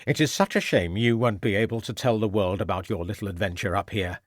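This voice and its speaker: Male reader doing the audiobook villain: deep, sneering, menacing gentleman, dry studio sound. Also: brisk, dry recording, close to an everyday voice. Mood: gloating. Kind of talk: audiobook character voice.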